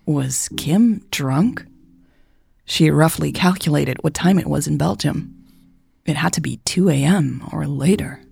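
Low, gravelly woman narrating a story. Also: a little slow, a little mellow, no room sound. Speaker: podcast author and narrator. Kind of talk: audiobook fiction narration.

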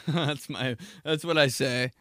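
A young man hosting a casual solo podcast, ranting profanely and acting out mocking quotes in shrill voices. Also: takes it slowly, a bit bright, no echo, clean studio sound. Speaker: podcast host.

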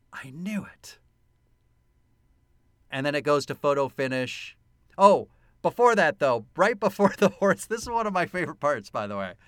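A man co-hosting a podcast, excitedly retelling a film scene by scene with lots of laughter, in casual chat. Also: on the high side, smooth, dry recording, studio quality. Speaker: podcast co-host.

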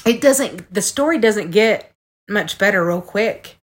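A woman's voice: mid-range voice, lively intonation, a little slow. Earnest woman telling a story. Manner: earnest, heartfelt, talks straight to listeners. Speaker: podcast co-host. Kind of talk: personal storytelling in casual chat.

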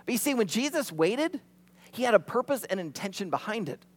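Male pastor, sermon, high and very lively voice. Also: a little fast. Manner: animated, acts out quotes.

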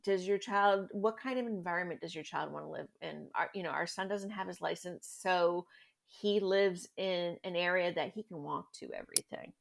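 A woman's voice: lowish voice, normal speed, vocal fry. A middle-aged woman speaking as a guest in a casual interview, a chatty storyteller who often laughs. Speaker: guest parent.

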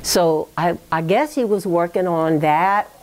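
A woman's voice: lowish voice, unhurried, a little mellow, slight background noise. A woman recounting a relative's history in an oral history interview, talking in a reflective, digressive way and checking in with "you know" and "okay?".

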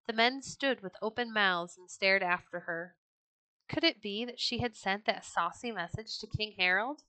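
Woman reading a kids storybook podcast, bright crisp voice, dry close sound. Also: medium pitch, no echo, poor audio. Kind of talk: scripted storybook narration.

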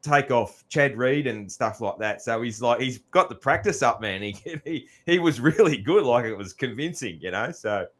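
A man's voice: medium pitch, lively intonation, moderate pace, few pauses, a bit bright. Laid-back Australian man hosting. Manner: laid-back, rambling, laughs often. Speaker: podcast host. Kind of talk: casual chat.

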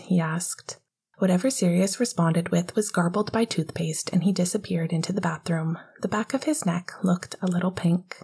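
A woman narrating an audiobook in a soft, half-whispered voice. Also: on the low side, slightly rough.

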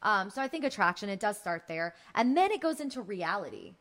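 A woman's voice: medium pitch, very animated, fairly quick, a bit bright. A woman talks through a casual chat as a co-host. She is chatty and curious, tossing in fillers and posing questions to her partner.

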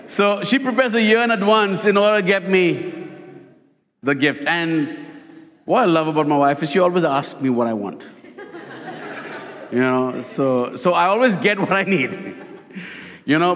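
Male pastor, high voice, animated sermon delivery, long church-hall reverb. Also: moderate pace. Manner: animated storytelling with repeated lines.

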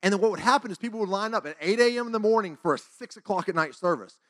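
A man in his forties shares a church testimony in a lively, casual voice and acts out every line of dialogue. His voice sits higher than most men's. The talk sounds loose and conversational. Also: very fast. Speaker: church speaker. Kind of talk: testimony storytelling.

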